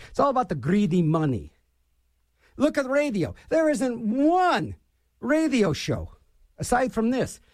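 A man's voice: sits high, a little mellow, no room sound, clean studio sound. A middle-aged man hosting a radio show and delivering an opinionated political rant, scornful and repeating his phrases for emphasis.

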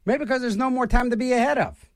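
A man's voice: very high-pitched, fast talker, no echo, studio quality. A middle-aged man talking casually on air as a radio DJ, rambling with many restarts and fillers.

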